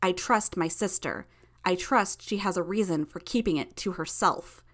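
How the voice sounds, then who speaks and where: A woman reading an audiobook, voicing an arrogant young female superhero who threatens loudly and with contempt. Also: on the low side, moderate pace, lightly acted. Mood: threatening.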